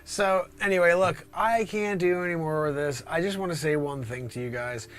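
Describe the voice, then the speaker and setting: A man hosting an improvised comedy livestream, answering chat questions in an animated way that jumps into high voices and drops to whispers. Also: moderate pace.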